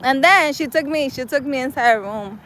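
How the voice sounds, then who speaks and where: A woman's voice: high voice, moderate pace, fairly bright tone, a little hiss or hum, low-quality recording. A woman chatting casually on a live stream while walking, rambling with lots of "like" and "I don't know". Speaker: vlogger reading live chat. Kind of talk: casual chat on a live walk. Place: outdoors in a city park.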